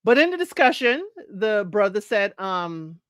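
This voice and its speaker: A woman's voice: mid-range voice, very animated, measured pace, no room sound, clean studio sound. A woman hosting a live recap, chatty and opinionated, often laughing and repeating her points for emphasis while greeting chat viewers. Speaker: host of a dating-show recap livestream. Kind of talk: casual live commentary talking to chat viewers.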